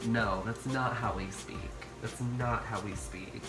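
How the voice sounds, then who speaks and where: A man's voice: fairly low pitch, fairly even intonation, slow pace, music in the background. A man vlogging while he cooks in his home kitchen, campy and playful, talking to viewers as sis and honey. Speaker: YouTuber cooking at home. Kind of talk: casual cooking vlog.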